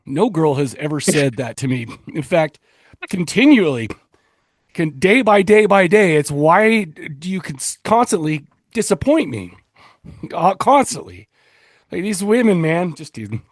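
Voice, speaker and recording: A man's voice: fairly high pitch, sing-song, measured pace, no room sound, studio quality. A man co-hosting a casual podcast, joking and rambling with frequent restarts. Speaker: podcast co-host. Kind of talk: casual chat.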